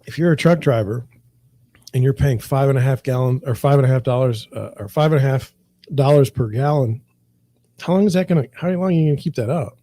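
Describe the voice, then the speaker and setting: A middle-aged real estate broker speaks candidly to the camera in a medium-pitched, mellow voice at a brisk pace, with no echo. He sounds frustrated, repeating himself and restarting sentences as he rambles.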